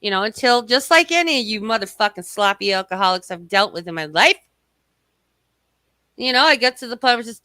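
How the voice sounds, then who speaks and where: A woman hosting a live stream tears into someone with a fierce, profane, mocking rant. Her voice is bright and cutting. The sound is close and dry, with no room around it. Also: a little high, expressive, fairly quick, no echo. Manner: angry, cursing, mocking. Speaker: livestream host.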